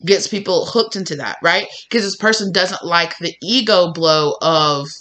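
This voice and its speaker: A man with a slightly rough voice giving an animated tarot reading, acting out imagined conversations as he goes. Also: high voice. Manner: animated, acts out imagined dialogue in quick bits. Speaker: tarot reader.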